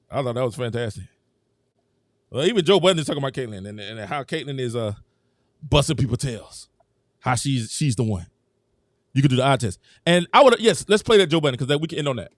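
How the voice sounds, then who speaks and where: Animated man hosting a sports live stream. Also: mid-range voice, dry recording, clean studio sound. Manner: animated, emphatic, thanks viewers, talks straight to chat. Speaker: host.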